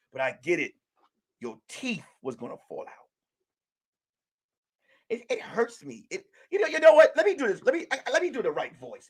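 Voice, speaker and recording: A man vlogger delivering a loud, mocking comedic rant straight to camera. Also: high-pitched, wildly swooping pitch, normal speed, long pauses, breathy edge.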